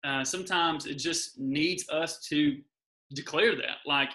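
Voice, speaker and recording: A man's voice: a little high, a little slow, bright, forceful tone, rough recording. A man speaking as a guest in an earnest, encouraging faith talk, often repeating his key phrases.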